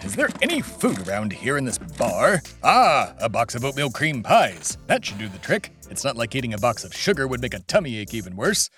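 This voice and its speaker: A man's voice: mid-range voice, wildly swooping pitch, brisk, few pauses, fairly bright tone, faint music behind. A man hosting a satirical comedy podcast, delivering a pompous, over-the-top patriotic monologue in character.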